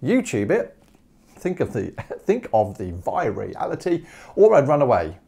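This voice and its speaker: A man teaching maths in a humorous video lesson, jokey and animated, firing off rhetorical questions. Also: mid-range voice, a little slow, creaky, husky.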